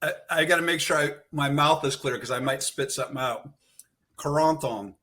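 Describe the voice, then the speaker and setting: Bright-voiced joking male co-host. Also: on the high side, fast talker. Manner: playful, teasing, stammers on restarts. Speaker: event co-host. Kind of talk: joking banter.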